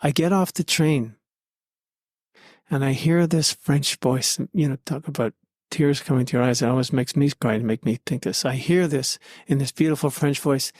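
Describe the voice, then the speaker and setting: A man speaks as a podcast guest, recounting his experiences in an earnest, heartfelt way. His voice sits at an ordinary middle pitch. The sound is dry and close, with no room echo. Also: normal speed, darkish tone. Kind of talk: conversational storytelling.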